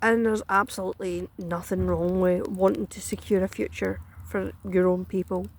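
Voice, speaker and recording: A woman's voice: mid-range voice, flat delivery, moderate pace. A Scottish woman ranting bluntly and profanely in a casual chat, dry and close to the mic. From Scotland. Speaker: political commentator.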